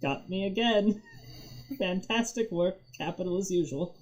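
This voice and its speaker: A man's voice: sits high, a little slow, voice pushed up, poor audio. A man voicing a pompous, small male goblin courtier with a prim, formal manner during a tabletop game. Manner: prim, formal, put-upon. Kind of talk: tabletop game role-play.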